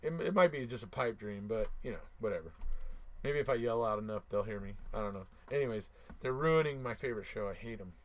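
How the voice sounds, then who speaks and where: Speaking fast in a lowish voice, a man runs a laid-back live stream, reading out viewer comments and replying to them. He chuckles between points and says things twice for emphasis.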